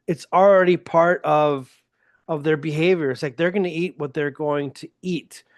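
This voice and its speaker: A man's voice: fairly high pitch, fairly even intonation, normal speed, no echo, studio quality. A man hosting a solo podcast in a casual, self-deprecating, joking manner. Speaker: podcast host.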